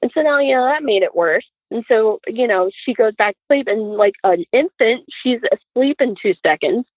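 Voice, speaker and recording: A woman, a podcast guest, telling a story in casual conversation, animated and acting out the dialogue. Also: fairly high pitch, moderate pace, no echo. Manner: animated, acts out quoted dialogue. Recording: dry, phone-like audio.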